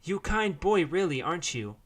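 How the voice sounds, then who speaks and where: Man voicing a soft-hearted wild girl, broken simple speech, higher pitch, bright tone. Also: sing-song, normal speed. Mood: gentle. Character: gentle wild young woman in broken speech.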